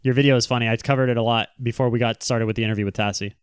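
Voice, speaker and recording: A man chats casually on a livestream, reading messages aloud and answering with teasing, joking banter. His mid-pitched voice is smooth and clear, and the sound is close and dry with no room around it. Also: fairly even intonation, very fast, no echo. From Southern California. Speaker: livestream host reading chat.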